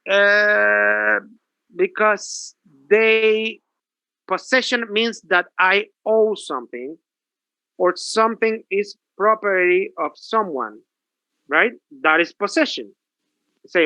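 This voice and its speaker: High-voiced professor lecturing on grammar. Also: male voice, slow pace, no echo, muffled recording. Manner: lively, repetitive, rhetorical questions.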